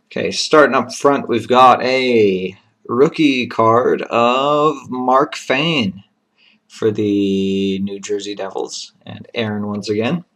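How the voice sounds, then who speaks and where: A man of middle pitch hosts a card box break, calling out each pulled card and its serial number at an unhurried pace. He talks in a plain, methodical way, dropping short appreciative remarks when a nice card appears. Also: fairly bright tone. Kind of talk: live card-opening commentary.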